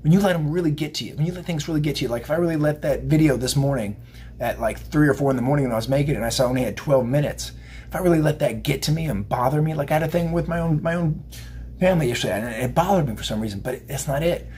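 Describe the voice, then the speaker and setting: A man's voice: a little high, rapid-fire, a little mellow, a little hiss or hum. Rambling man reading tarot cards. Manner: rambling, chatty, addresses viewers directly. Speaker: tarot card reader. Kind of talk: casual spiritual tarot reading to camera.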